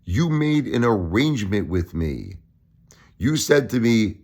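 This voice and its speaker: A man's voice: fairly low pitch, big pitch swings, a little slow, darkish tone. An older man from Brooklyn, talking straight to camera in an aggrieved, pleading monologue that repeats its points. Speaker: YouTuber.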